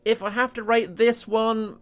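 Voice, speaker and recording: A man narrating a cartoon review video with animated, self-deprecating jokes. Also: high voice, unhurried.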